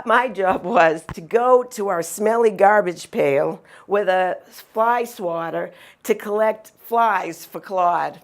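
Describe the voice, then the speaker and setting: Animated woman telling childhood stories. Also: medium pitch. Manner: animated, acts out sounds and quotes. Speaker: storyteller. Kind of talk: personal storytelling.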